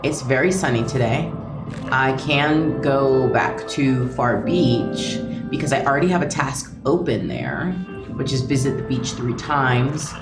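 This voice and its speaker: A young woman with a low-pitched voice that swings widely and playfully as she chats through a cozy game. She talks aloud to herself and giggles often. Her voice sits in a roomy space, with game music clearly audible behind her. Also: lively intonation, unhurried. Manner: chatty, giggly, thinks aloud. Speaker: streamer. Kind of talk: casual gameplay commentary.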